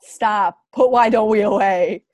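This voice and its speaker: A young woman co-hosts a casual podcast, gushing and animated as she chats. Her voice sits at an average pitch. It is recorded dry and close, with no room sound. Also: unhurried, no room sound. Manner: gushing, animated, says "oh my God" a lot. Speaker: podcast co-host. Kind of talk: casual chat.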